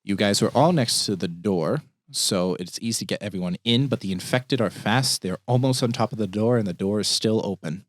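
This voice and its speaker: Slow, measured game master man. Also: lowish voice, no room sound. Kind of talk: narrating a tabletop game.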